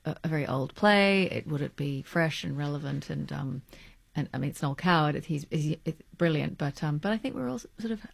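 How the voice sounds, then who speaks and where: Actress, low husky voice, keeps restarting while she thinks, dry sound. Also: animated, no echo. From Australia. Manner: halting, searching for words, many restarts. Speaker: stage and screen actress, guest. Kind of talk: casual interview chat.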